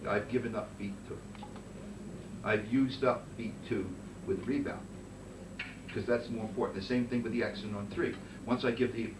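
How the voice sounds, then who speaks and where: Man, conducting teacher, brisk coaching, sings syllables, noisy distant recording. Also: medium pitch. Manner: sings phrases in nonsense syllables to demonstrate. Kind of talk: master class instruction. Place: rehearsal room with band. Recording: roomy distant recording with noise.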